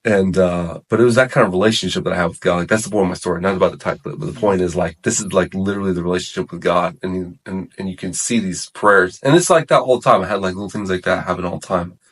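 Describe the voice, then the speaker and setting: A man's voice: low-pitched, fast talker, hardly any pauses, husky. A man telling his faith testimony in a loose, rambling way, full of fillers and self-corrections. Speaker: guest sharing his testimony. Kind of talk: casual testimony chat.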